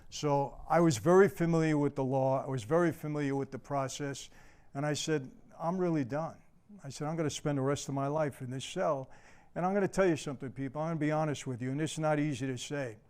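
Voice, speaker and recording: An older man gives a personal testimony as a motivational speaker, earnest and direct with his audience. His voice sits a little high for a man. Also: a little mellow, smooth. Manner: earnest storyteller, addresses the audience as people.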